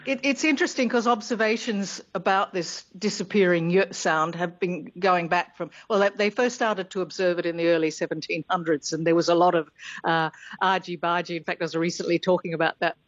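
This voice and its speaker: A woman's voice: fairly low pitch, a little fast, no room sound, lo-fi sound. A woman, talking on the radio as a language expert, explaining in a chatty way and laughing easily. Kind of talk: radio talk explaining pronunciation.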